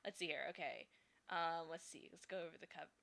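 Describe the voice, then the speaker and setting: Her voice sits low and sounds gravelly yet bright, with a brisk, forceful delivery. This young streamer and fan artist chats and thinks aloud as she draws, frequently giggling between fillers.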